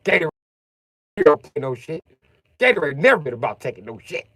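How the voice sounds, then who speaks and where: A man imitating a naive man who earnestly tries to sound tough, with loud, stiff tough-guy talk. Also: on the high side, very animated, a little fast, breathy edge, no room sound, studio quality, voice pushed up, full character voice. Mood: bossy.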